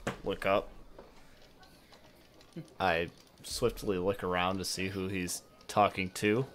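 Very deep low-key man. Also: level tone, slow pace, a bit bright, slight background noise. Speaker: player. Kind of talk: casual tabletop play.

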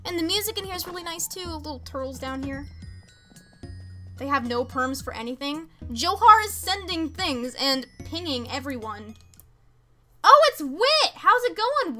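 A woman's voice: high-pitched, bright, forceful tone. A young woman streaming a game, chatting casually with viewers, reading chat aloud and making exasperated asides. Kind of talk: casual live-stream chat while gaming.

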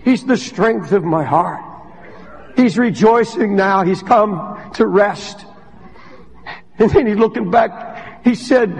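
A man preaching a sermon as pastor, impassioned and rising to shouts, recorded in a large church hall. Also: high voice, animated, takes it slowly, vocal fry, pauses often, husky. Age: older.

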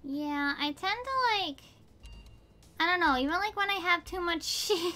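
A woman streaming a game live, chatting casually, swearing freely and breaking into panicked shouts. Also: extremely high pitch, expressive, unhurried, faint music behind.

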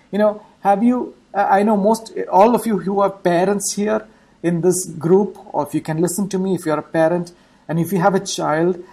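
A woman preaching an online church sermon in a warm, mellow voice with a slightly husky edge. She keeps repeating her key points and pauses to check in with the congregation through quick rhetorical questions. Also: mid-range voice, rough recording.

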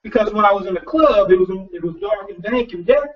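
A man's voice: high-pitched, lively intonation, quick pace. A male pastor preaching in a loose, conversational way, often repeating words and restarting his sentences in a folksy, personal tone. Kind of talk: conversational sermon. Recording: distant, dull lo-fi sound.

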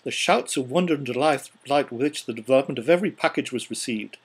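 A man reads a classic novel aloud in an expressive audiobook narration. His voice is somewhat husky, and he sometimes trips on a word and says it again. The delivery rises with the lively scenes. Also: mid-range voice, quick pace. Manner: expressive, occasional stumbles and re-reads.

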